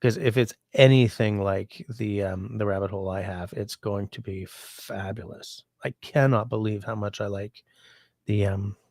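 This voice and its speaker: A man with a low, gravelly voice hosts a casual livestream from home while sick. He rambles easily through viewer comments. The sound is close and dry. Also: steady tone, normal speed, darkish tone, no echo. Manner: rambling, chatty, easygoing. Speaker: livestream host.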